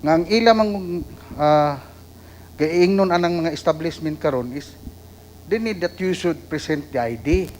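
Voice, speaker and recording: A man with a Filipino accent asking questions as a city councilor in a council session, halting, with many fillers. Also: on the high side, a little mellow, a little hiss or hum, rough recording.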